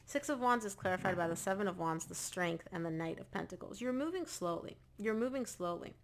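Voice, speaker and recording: A woman's voice: mid-range voice, animated, a little fast, a little hiss or hum. A woman giving a casual tarot reading to camera, talking straight to the viewer and repeating phrases for emphasis. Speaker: tarot reader.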